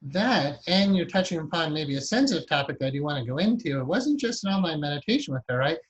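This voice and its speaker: A man's voice: fairly high pitch, big pitch swings, fast talker, breathy edge, highs cut off. Talkative man interviewing, full of examples. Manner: talkative, builds long examples, frequent "right?". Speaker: interviewer and hypnotherapy teacher. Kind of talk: conversational interview.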